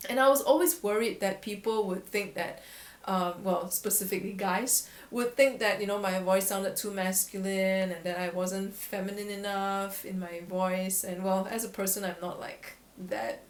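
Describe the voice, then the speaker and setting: A woman's voice: medium pitch, steady tone, normal speed. A woman voice coach talking candidly to camera in a vlog, reflective and often laughing at herself. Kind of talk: casual vlog talk to camera. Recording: echoey room.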